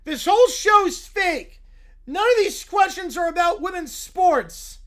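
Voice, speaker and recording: A man's voice: very high voice, lively intonation, measured pace, bright, forceful tone, voice pushed up, exaggerated voice. A man reading a fan script aloud and voicing an eager, complaining male cartoon bear in a raised voice. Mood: indignant.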